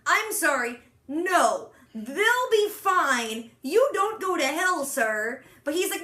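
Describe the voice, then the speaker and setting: A young woman in casual chat, animatedly retelling a TV episode and slipping into quick quoted voices for the characters. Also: high-pitched, big pitch swings, bright, forceful tone, reverberant. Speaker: podcast co-host recapping a TV episode.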